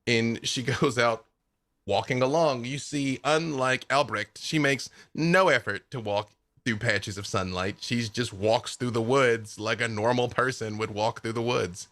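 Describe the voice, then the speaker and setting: A man narrating as dungeon master in a relaxed, chatty way, with frequent fillers. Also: medium pitch, unhurried, no room sound. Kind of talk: narrating a tabletop game.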